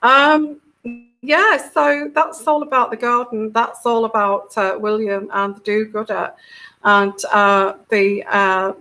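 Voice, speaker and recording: A woman's voice: a little high, fairly even intonation, slow, bright, forceful tone. A middle-aged woman, talking casually as a tarot reader, chatty and giggly, with many fillers and restarts. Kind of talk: casual monologue.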